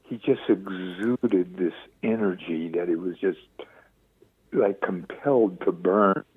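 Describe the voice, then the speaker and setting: A man in his seventies, a radio interview guest, telling stories with lively acted-out quotes. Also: low-pitched, takes it slowly, breathy edge, dry recording. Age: 70s. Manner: lively storyteller acting out quoted voices. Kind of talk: phone-in radio interview storytelling. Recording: tinny dry phone line.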